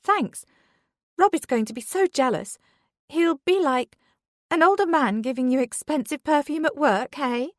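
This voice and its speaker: A woman plays a young office worker with a shrill, whiny voice. She is eager and teasing, pitched well above a plain speaking voice. The sound is close and dry, with no room around it. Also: very animated, a little slow, no room sound.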